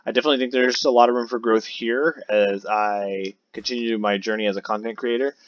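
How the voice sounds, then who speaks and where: A man's voice: on the low side, steady tone, brisk. A man giving casual gameplay commentary as a new content creator, rambling and chatty with many fillers. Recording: dull lo-fi recording.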